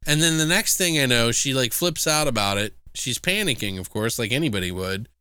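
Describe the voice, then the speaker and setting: A man's voice: medium pitch, lively intonation, brisk, pushed and bright, smooth, dry recording. A man co-hosting a film review podcast, recapping plots in a rambling, profane, casual way. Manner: rambling, profane, acts out quotes in voices. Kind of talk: casual chat.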